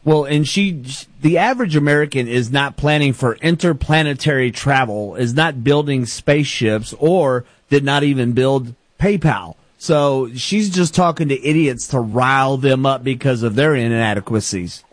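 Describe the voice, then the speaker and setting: A man's voice: mid-range voice, normal speed, hardly any pauses, no room sound. Dry, matter-of-fact male radio co-host. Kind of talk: talk radio banter.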